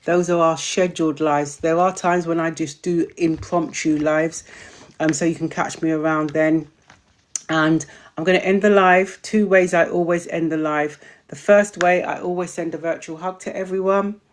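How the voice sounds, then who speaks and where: A woman's voice: low voice, fairly even intonation, normal speed, a little hiss or hum. A woman hosting a live online community chat, answering viewers' questions in a chatty way and tripping over long words. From Britain.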